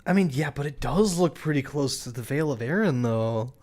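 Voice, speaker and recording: A man's voice: mid-range voice, expressive, a little fast, darkish tone. A man streaming live, chatting casually in a rambling way, restarting his sentences and laughing at himself.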